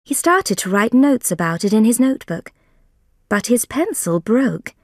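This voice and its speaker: A woman reading a graded story aloud for English learners, careful and deliberate. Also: a little high, big pitch swings, dry recording, clean studio sound.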